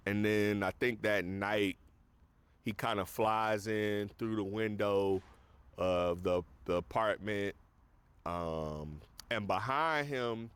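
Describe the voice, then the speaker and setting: A man's voice: on the low side, a bit bright, clear, resonant tone. A man casually recapping a movie on a podcast, rambling with lots of fillers. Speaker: podcast host.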